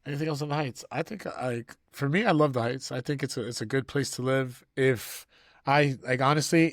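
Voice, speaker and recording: A man's voice: mid-range voice, a bit bright, dry recording. Man co-hosting a podcast. Loose, rambling, jokey delivery. Dry close-mic sound. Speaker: podcast co-host. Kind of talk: casual chat.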